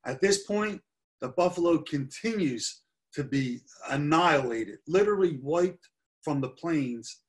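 A man's voice: on the high side, expressive, a little slow. A middle-aged man giving a history lecture over slides, earnest and stressing key points by repeating them. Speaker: history presenter.

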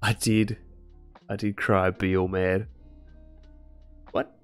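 A man's voice: lowish voice, little pitch movement, slow, smooth, faint music behind. A young man chatting casually with his live-stream chat while he studies medicine. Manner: casual, chatty, laid-back slang.

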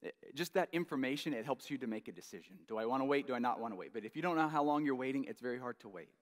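A man preaching a sermon as pastor, earnest, repeating key phrases and dropping to a hush at the ends of lines. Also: medium pitch, expressive, racing, big-room sound. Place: church sanctuary.

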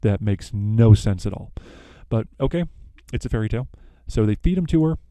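A man's voice: lowish voice, lively intonation, moderate pace, warm tone, dry recording. Young man, podcast host, casual retelling, rambling, dry close sound. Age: young adult. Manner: rambling, with many fillers and self-corrections.

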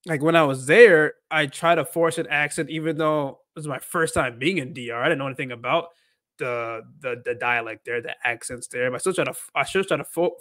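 A man's voice: fairly high pitch, a bit bright, no room sound. A man hosting a casual livestream, rambling with lots of "like" and restarted sentences. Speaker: host.

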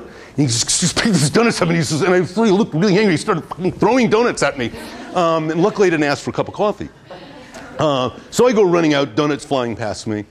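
A man telling a lively classroom story. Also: fairly high pitch, quick pace, slight background noise. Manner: animated anecdotes with frequent repetitions and restarts. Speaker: guest lecturer on public relations. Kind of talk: storytelling lecture to students.

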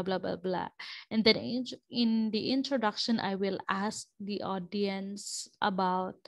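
A woman teacher giving a classroom lecture, explaining step by step with frequent restarts and checks of "okay". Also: mid-range voice.

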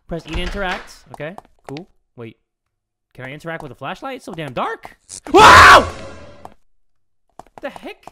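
A young man doing let's play commentary on a horror game, excitable, joking crudely and yelling at sudden scares. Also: sits high, noisy background. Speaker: gaming YouTuber.

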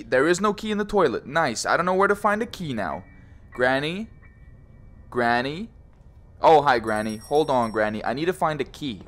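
A young man with a somewhat high voice commentates a horror game with jokes and swearing. His pitch swings all over the place as he teases and panics by turns. Faint game music plays behind him. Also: fairly bright tone. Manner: jokey, swears a lot, teasing, says bro often. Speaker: gaming YouTuber.

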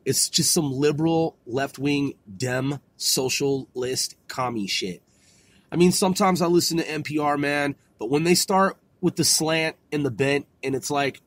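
A man with a high voice delivers a rambling, profanity-laced rant, circling back over the same points again and again. His tone is heated and insistent. The sound is dry and close, with no room echo. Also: normal speed, fairly bright tone. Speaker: monologue ranter.

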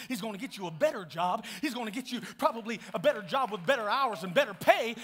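A man preaching with a high, bright, ringing voice. He works the congregation in call-and-response, dropping to near whispers and then building up to full shouts. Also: husky. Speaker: pastor. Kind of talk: sermon.

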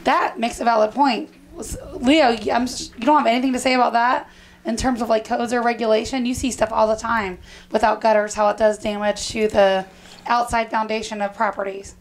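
A woman's voice: a little high, level tone, fairly quick. A woman co-hosting a home talk show, asking questions and laughing easily with her guests. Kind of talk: casual radio talk.

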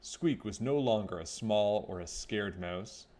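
Slow, low-voiced man reading a story. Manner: expressive, unhurried storytelling. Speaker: children's story reader. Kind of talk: reading a picture book aloud.

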